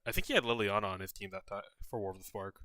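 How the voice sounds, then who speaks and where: A young man co-hosting a casual gaming podcast, making quick offhand asides. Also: fairly low pitch, sharp tone, no echo, studio quality. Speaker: podcast co-host.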